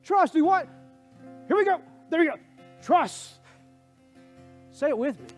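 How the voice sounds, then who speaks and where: A man preaches a sermon in a high, ringing voice, dropping into hushed prayer and then climbing back to loud, urgent calls to his congregation. Soft guitar plays faintly beneath him. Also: animated, a little slow. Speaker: pastor. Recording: faint guitar music underneath.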